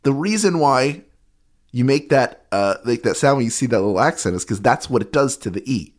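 A man's voice: medium pitch, animated, a little fast. Wry male podcast co-host, casual chat, fussy about pronunciation.

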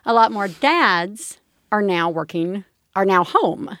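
A woman's voice: mid-range voice, lively intonation, takes it slowly, fairly bright tone, dry recording, clean studio sound. A woman in her thirties co-hosting a podcast, chatting casually, laughing often and breaking off her own sentences. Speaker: podcast co-host. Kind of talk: casual chat.

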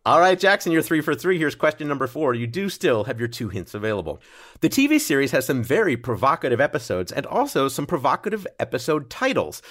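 A man's voice: mid-range voice, sing-song, fast talker, fairly bright tone. A man hosting a comedy trivia podcast, reading questions in a playful way and laughing often. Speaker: quiz show host.

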